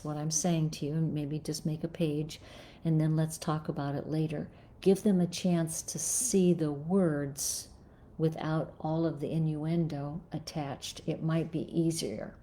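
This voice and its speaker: A woman's voice: sits low, mellow. A middle-aged woman psychologist answering viewer questions on a live stream, thoughtful, with many fillers and restarts. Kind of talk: live-stream advice talk, reading viewer comments.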